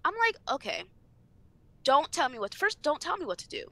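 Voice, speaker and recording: A woman's voice: sits high, sing-song, fast, pushed and bright, no room sound. A young woman on a casual podcast, ranting animatedly and swearing freely. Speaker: podcast co-host.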